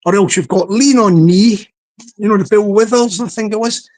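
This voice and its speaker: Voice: medium pitch, normal speed, a little mellow. A live-stream host, chatting casually to a small online audience in a rambling way, often restarting sentences.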